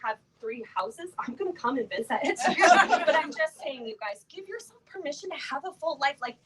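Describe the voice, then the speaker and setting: A woman's voice: high voice, lively intonation, normal speed, distant mic, heavy background noise. A middle-aged woman giving a motivational talk to a live audience from a stage, chatty and playful, full of fillers and laughing asides. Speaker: motivational speaker at a sales event.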